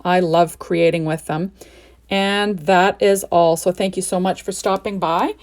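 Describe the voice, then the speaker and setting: A woman's voice: on the low side, fairly even intonation, unhurried, a little mellow. A woman hosting a crafting tutorial, explaining each step in a chatty, enthusiastic way and often asking "right?". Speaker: crafting video host. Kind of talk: card-making tutorial narration.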